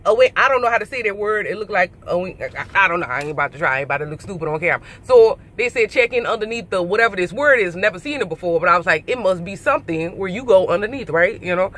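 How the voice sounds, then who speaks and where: A woman truck driver telling a story in a casual vlog, acting out the people she met in an animated way, frank and joking. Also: medium pitch, fast talker, few pauses. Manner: animated, acts out conversations in her retelling; frank and joking, with mild swearing.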